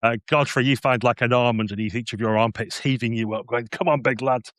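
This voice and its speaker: A man's voice: mid-range voice, fairly even intonation, fast, fairly bright tone, no room sound, studio quality. A man narrating as game master of a tabletop game, playful and descriptive, with frequent restarts.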